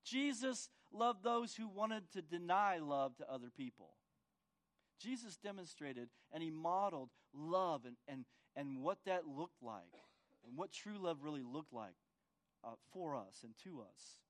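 A man's voice: a little high, lively intonation, unhurried, a bit bright. A man preaching a sermon as pastor, often asking the congregation for agreement and repeating words as he restarts. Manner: asks the congregation for agreement with tag questions.

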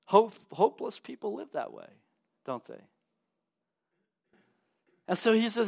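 A male pastor delivers a sermon in a church sanctuary, his voice sitting high. He keeps it playful, slipping into the voices of the story's characters and chatting with the congregation. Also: expressive, unhurried, long pauses.

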